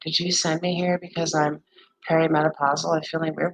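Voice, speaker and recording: A woman's voice: deep voice, little pitch movement, fairly quick, rough recording. A woman in her forties hosting a live stream, talking candidly and ramblingly with viewers and swearing freely. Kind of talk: casual chat with viewers.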